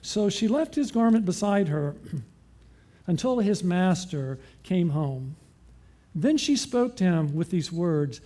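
A man preaching with a high, mellow voice. He keeps asking his listeners questions and then answers them himself, in a sermon style. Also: expressive, takes it slowly.

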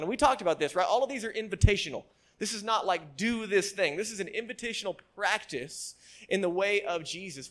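Pastor, male, fairly high voice, casual sermon delivery with restarts and "right?" check-ins. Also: fairly bright tone. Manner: keeps checking in with the congregation with "right?"; frequent word repeats and restarts. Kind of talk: conversational sermon.

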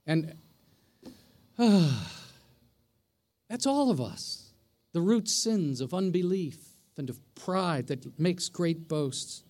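A man's voice: high voice, expressive, slow, pauses often, a little mellow. A middle-aged man, a pastor, preaching a sermon in a conversational way, often asking the congregation questions.

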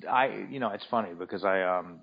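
A man's voice: fairly low pitch, brisk, vocal fry, muffled recording. A middle-aged man from Alabama, a guest author, telling stories in a casual interview with frequent stammered restarts. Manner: storytelling, many stammered restarts.

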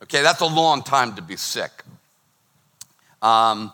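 A middle-aged man preaching a sermon as pastor, lively and acting out the voices he quotes. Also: medium pitch, slow pace. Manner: animated, acts out quoted voices.

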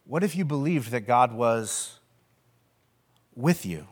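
A man's voice: mid-range voice, lively intonation, slow pace. A man in his thirties giving a conversational sermon as pastor, with self-deprecating humor and many fillers.

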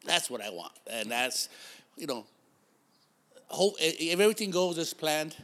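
A man's voice: a little high, big pitch swings, moderate pace, a bit bright. A middle-aged man hosting a podcast in a casual chat, laid-back and swearing freely as he jokes about getting grumpy. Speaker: podcast host.

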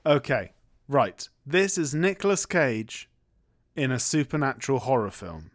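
A man's voice: mid-range voice, unhurried. A man casually recapping a film as a podcast co-host, telling it as a story and briefly putting on voices for the characters. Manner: animated storyteller, acts out characters in jokey voices.

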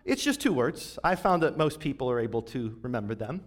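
A man voicing a blunt, deadpan male therapist in a retold comedy sketch, speaking in a flat, curt way. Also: mid-range voice, a little fast, voice pushed down, natural voice.

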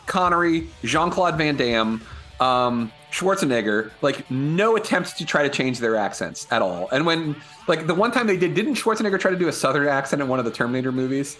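A man co-hosting a casual podcast, talking with animated energy and frequent swearing. His pitch swoops up and down a lot as he gets worked up, and he laughs readily between points. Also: fairly quick, faint music behind. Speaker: podcast co-host. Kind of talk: casual chat.

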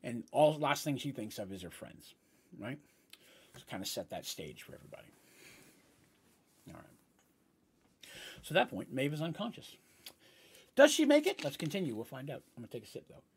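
A man's voice: medium pitch, big pitch swings, moderate pace, long pauses, breathy edge. A man narrating a tabletop role-playing game as game master, in a casual, meandering way with asides.

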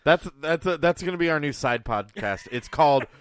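Animated, smooth-voiced male podcast host. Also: a little high, a little fast. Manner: profane, joking, animated storytelling. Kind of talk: casual chat.

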